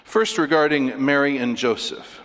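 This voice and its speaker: A man preaching a sermon, emphatic and animated, leaping up in pitch to stress his points. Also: normal speed. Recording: long hall reverb.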